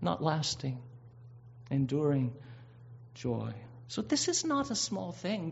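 A man's voice: a little high, big pitch swings, slow, vocal fry, slight background noise. A man preaching a sermon, earnest and emphatic, drawing out key words and often restarting his phrases. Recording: dull lo-fi recording.

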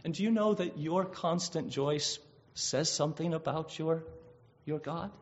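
Guy preaching, earnest, stretches out words, kinda high voice, muffled old recording. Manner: earnest, emphatic, halting restarts, stretches key words. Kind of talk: sermon. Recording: dull lo-fi recording.

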